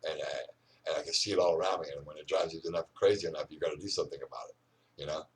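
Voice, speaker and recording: A man's voice: rumbling low, fairly even intonation, racing, far from the mic, slight background noise. An older man rambling and ranting outdoors, full of "you know" fillers. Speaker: vlogger.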